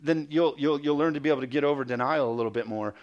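A male pastor preaching a sermon, reading scripture aloud and calling for amens, with quick mocking asides. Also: fairly high pitch, muffled recording.

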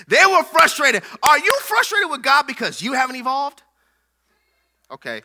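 A man's voice: extremely high pitch, wildly swooping pitch, unhurried, bright, forceful tone. A man preaching a playful, joking sermon who calls out to his congregation. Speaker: pastor.

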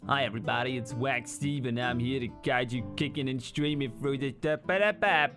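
A woman's voice: very deep voice, fairly quick, a bit bright, faint music behind. A woman on a tabletop stream making fun of her fellow players with mock impressions in casual banter. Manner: jokey, mimics others.

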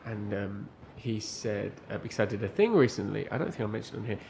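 A man's voice: lowish voice, expressive, brisk, vocal fry, darkish tone, a little hiss or hum. A man co-hosting a podcast, telling an anecdote in a casual, rambling way full of restarts. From Britain. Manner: rambling storytelling with frequent restarts. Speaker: podcast co-host. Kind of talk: casual chat.

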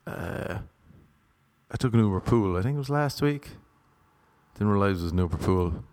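A man with an Irish accent telling rambling, self-mocking stand-up stories in a deadpan way. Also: lowish voice, normal speed. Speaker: comedian. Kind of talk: stand-up storytelling.

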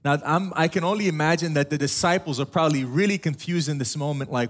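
High-voiced African-born pastor preaching. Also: male voice, fast talker. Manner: casual, storytelling with humorous asides. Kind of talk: sermon.

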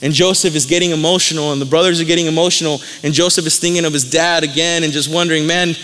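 A man's voice: a little high, steady tone, quick pace, hardly any pauses, fairly bright tone, long reverb tail. A man preaching a sermon, retelling a Bible story in casual words and briefly acting out the characters' lines.

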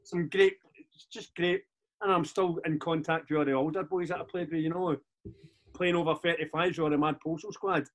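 A Scottish man in his forties, a podcast guest telling stories in a lively, casual way, swearing freely and restarting his sentences. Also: on the high side, a little fast. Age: 40s. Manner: animated, swears freely, repeats words on restarts. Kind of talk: casual storytelling chat.

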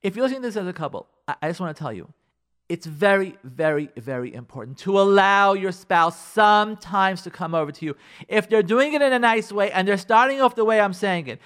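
A man on talk radio preaches marriage advice straight to his listeners, hammering points with repeated phrases. His voice sits a little high and swoops up and down with animated energy. He slips into little acted-out lines of what a spouse might say. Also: fairly quick.

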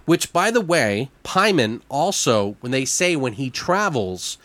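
A man talks loosely through a horror movie plot, full of "like" and curse words. His voice sits in a middle pitch. The sound is dry and close, with no room echo. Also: measured pace. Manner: animated, swears freely, many fillers. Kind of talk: casual movie discussion.

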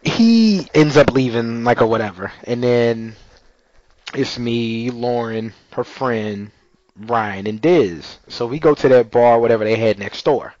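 A man's voice: medium pitch, measured pace, no echo, dull audio. A man telling a story in casual chat, acting out the people in it. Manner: animated storyteller, acts out voices.

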